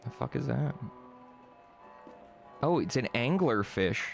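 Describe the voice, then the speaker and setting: A man's voice: mid-range voice, lively intonation, takes it slowly, creaky, faint music behind. A man streaming a game, chatting and swearing casually as he plays. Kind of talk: casual gameplay commentary.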